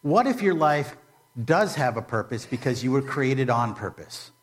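A man's voice: medium pitch, sing-song, moderate pace. A man preaching a sermon in a conversational, humorous way, full of rhetorical questions. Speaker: pastor.

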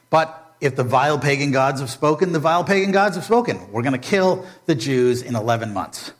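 A man retelling a Bible story as a preacher, animated and humorous, with modern comparisons. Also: medium pitch. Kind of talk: storytelling sermon.

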